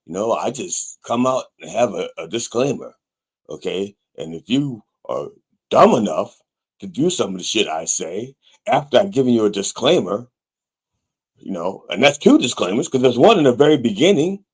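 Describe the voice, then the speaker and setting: A man hosting a comic sermon show, rambling with wry, deadpan asides. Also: fairly low pitch, moderate pace, husky. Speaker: pastor and show host.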